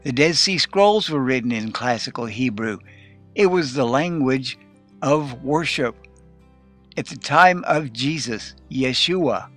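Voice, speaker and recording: A man teaching a recorded Hebrew class, explaining plainly and slowing down to sound out Hebrew words. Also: mid-range voice, lively intonation, a bit bright, soft background music. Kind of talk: recorded lesson.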